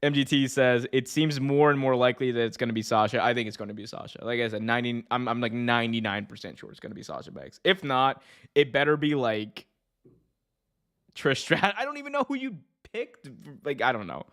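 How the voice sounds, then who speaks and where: A man's voice: medium pitch, brisk. A man hosting a wrestling podcast, chatting casually and reading comments from his live chat, with many fillers and restarts. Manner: animated, rambling, lots of fillers and restarts.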